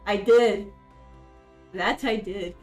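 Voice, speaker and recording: A woman's voice: medium pitch, steady tone, slow, darkish tone. A woman guest chatting casually and playfully, stammering through restarts. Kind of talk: casual chat. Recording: roomy with faint music.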